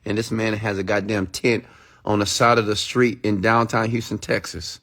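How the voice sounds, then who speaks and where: A man's voice: on the low side, level tone, moderate pace, fairly bright tone. Emphatic, preachy man giving a motivational talk. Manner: emphatic, preachy, blunt with profanity; talks straight to listeners, rhetorical questions. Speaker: motivational speaker. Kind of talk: motivational monologue.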